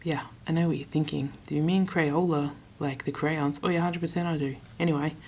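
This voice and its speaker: Chatty low-voiced Australian woman vlogging. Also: fairly even intonation, darkish tone, a little hiss or hum. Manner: chatty, retells conversations with quick asides. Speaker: travel vlogger. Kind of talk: casual vlog storytelling.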